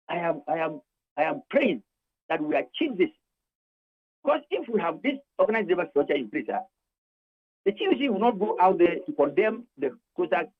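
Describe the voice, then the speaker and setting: A man's voice: sits high, phone-quality sound. An older man with a Ghanaian accent, a labour union leader arguing emphatically on a radio talk show, repeating his points and switching between English and Twi.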